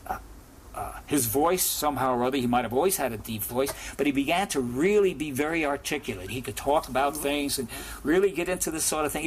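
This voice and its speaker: A man's voice: a little high, a little hiss or hum. A man in a documentary interview, talking bluntly and opinionatedly, sometimes rambling. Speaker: record producer interviewee.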